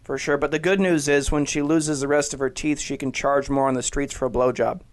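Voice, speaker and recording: A man's voice: medium pitch, steady tone, fairly quick. A man co-hosting a casual podcast, trading sardonic and crude wisecracks. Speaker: podcast co-host.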